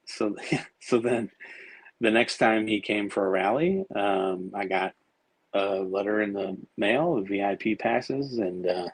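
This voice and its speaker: A man's voice: fairly low pitch, takes it slowly, husky, no room sound, poor audio. A man guesting on a podcast, telling long, rambling stories with plenty of fillers and some swearing. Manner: rambling, profane, many fillers and restarts. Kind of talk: casual storytelling.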